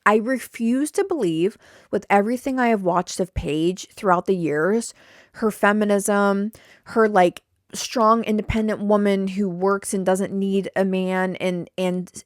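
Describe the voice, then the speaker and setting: A woman's voice: mid-range voice, a little slow, no echo. A chatty young woman hosting a solo podcast from a small home studio, blunt and fond of repeating herself. Her voice sits mid-range for a woman. The sound is dry and close, with little room sound. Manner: chatty and blunt, with repeated words, swearing, and mock quotes. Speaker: podcast host. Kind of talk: casual solo podcast chat.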